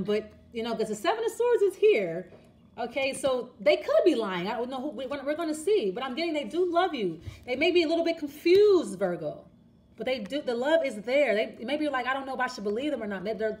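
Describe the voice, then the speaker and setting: A woman's voice: high-pitched, slight background noise. A woman giving a casual, chatty tarot reading straight to the viewer, repeating and restarting her words as she talks. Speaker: tarot reader.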